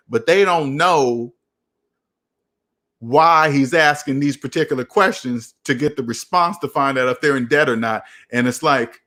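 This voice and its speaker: A young man hosting a casual live chat about personal finance, talking in an animated, preachy and repetitive way. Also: a little high. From United States. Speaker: finance channel host.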